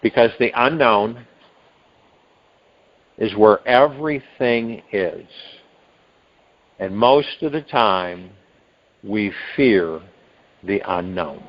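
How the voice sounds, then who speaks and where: Brief: male meditation host, mid-pitched, rambling spiritual talk over a muffled lo-fi call line. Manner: rambling, with restarts and drawn-out emphasized words. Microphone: phone. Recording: dull lo-fi phone conference line.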